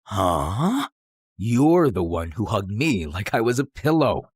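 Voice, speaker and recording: An actor playing a blunt, sarcastic young man in an animated story, teasing dryly and turning quietly reflective when he speaks of his past. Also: lowish voice, slow, slightly rough, full character voice.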